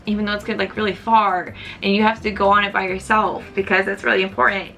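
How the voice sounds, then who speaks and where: A woman's voice: mid-range voice, flat delivery, quick pace, gravelly, bright, forceful tone, soft background music. A young woman vlogger telling a personal story in a chatty, casual way, full of "like", tearful at moments. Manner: chatty, heavy use of "like", emotional at times.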